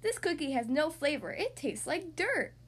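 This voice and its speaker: A woman voicing an excitable, dramatic little girl in a storybook read-aloud, squealing and whining. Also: high-pitched, moderate pace. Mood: excited, whiny. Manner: squealing, exaggerated outbursts.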